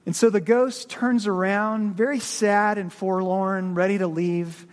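Male pastor, high voice, earnest exhorting sermon, long church-hall reverb. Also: fairly even intonation. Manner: earnest and exhorting, with slowed emphatic phrases. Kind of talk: sermon storytelling.

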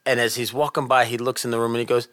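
A middle-aged man telling a personal story in casual chat, animated and earnest, dropping softer at tense moments. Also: mid-range voice, fast talker, dry recording, studio quality.

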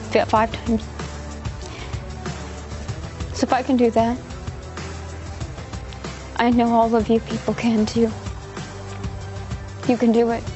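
Young woman with a gravelly voice. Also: on the high side. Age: 20s. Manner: emphatic, repetitive, determined. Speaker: testimony speaker. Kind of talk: personal faith testimony.

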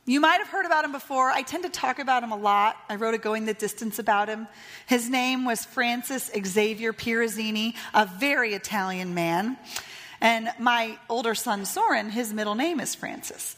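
High-voiced woman pastor telling a story. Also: a bit bright, in a large hall. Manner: storytelling, retelling a tale with voiced lines. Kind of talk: sermon.

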